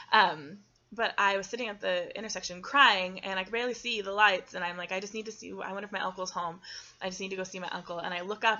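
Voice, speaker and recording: Young woman, personal testimony, earnest and halting, bright forceful tone, muffled lo-fi recording. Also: fairly low pitch. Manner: earnest, halting, with frequent ums and restarts. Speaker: testimony speaker.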